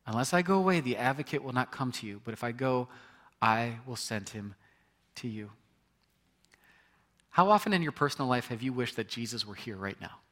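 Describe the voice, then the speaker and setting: A man's voice: mid-range voice, lively intonation, brisk, pauses often, fairly bright tone. Conversational male pastor preaching. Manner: conversational preaching, reading scripture aloud with frequent restarts. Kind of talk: sermon.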